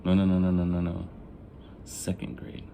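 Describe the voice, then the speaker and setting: Casting note: man with a lowish voice, candid confessional vlog storytelling, faint room ambience behind. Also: monotone, normal speed, gravelly, mellow, slight background noise. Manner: casual, profane, laughs at his own jokes; acts out family members in quoted lines. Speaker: vlogger telling his life story. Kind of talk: casual storytelling.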